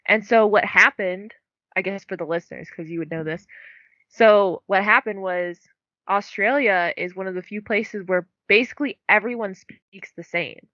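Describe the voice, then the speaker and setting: A woman's voice: mid-range voice, normal speed, pushed and bright, dry recording, highs cut off. A young woman co-hosting a book podcast, chatting casually and filling her talk with "like". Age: young adult. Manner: chatty, many "like" fillers. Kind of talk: casual chat.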